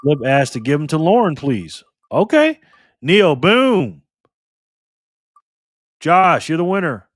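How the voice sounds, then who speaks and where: A man hosting a casual livestream, calling out viewers and donations with upbeat shout-outs. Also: a little high, big pitch swings, takes it slowly, long pauses. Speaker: livestream host.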